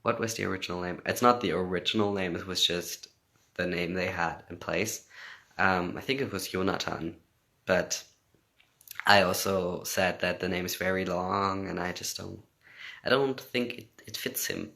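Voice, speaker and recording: A man's voice: sits low, fairly even intonation, moderate pace, creaky, sharp tone. A man whose first language is English, chatting casually on a phone livestream, reading out and answering fan comments, laughing often and switching between English and German.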